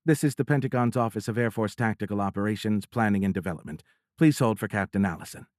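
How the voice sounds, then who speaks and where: A man's voice: fairly low pitch, quick pace, darkish tone, no echo, studio quality, close to an everyday voice. A male audiobook narrator voicing a formal woman receptionist at a military office on the phone. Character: adult woman, brisk Pentagon office receptionist.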